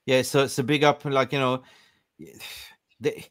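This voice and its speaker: A man's voice: mid-range voice, steady tone, slow pace, fairly bright tone, dry recording, clean studio sound. A man hosting a football podcast, ranting emphatically in casual chat. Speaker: podcast host.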